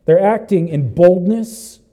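Emphatic high-voiced male preacher. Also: slow pace, low-quality recording. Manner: emphatic, swinging between loud cries and low intensity; repeats phrases, asks the congregation questions. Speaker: pastor. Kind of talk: sermon.

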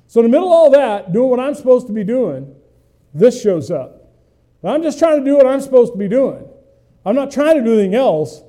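A man's voice: sits high, mellow. A middle-aged male pastor preaching a conversational sermon, folksy and full of questions to the congregation, with self-mocking humor.

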